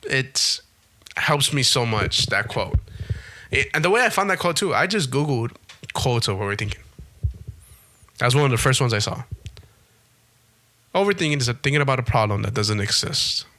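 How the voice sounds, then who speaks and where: A man's voice: medium pitch, lively intonation, moderate pace, pauses often, pushed and bright. A young man hosting a podcast in a casual monologue, emphatic and repetitive, swearing freely. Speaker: podcast host.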